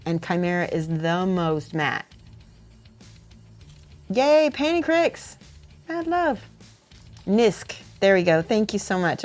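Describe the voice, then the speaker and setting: A woman livestreaming as she paints miniatures, reading viewer messages aloud and thinking out loud between brushstrokes. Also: fairly low pitch. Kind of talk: casual livestream chat while painting.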